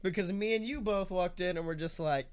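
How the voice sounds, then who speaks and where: Male podcast co-host, high-pitched, crude comic storyteller. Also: brisk, clean tone. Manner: crude, joking, acts out quoted voices. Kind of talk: casual comedic chat.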